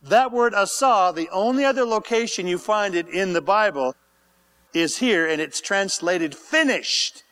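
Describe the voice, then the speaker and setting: A man preaching a sermon as pastor, then praying with passion and sinking into hushed whispers. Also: high-pitched, lively intonation, a little slow. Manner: impassioned, dropping to hushed whispers in prayer. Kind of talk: sermon and closing prayer.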